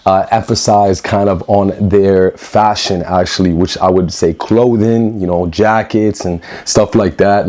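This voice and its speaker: Brief: man, sneaker vlogger, low mellow voice, upbeat and chatty, repeats himself, calls viewers "guys". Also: steady tone, measured pace, hardly any pauses. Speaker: sneaker reviewer. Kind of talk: casual unboxing review. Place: indoor room with newly painted walls.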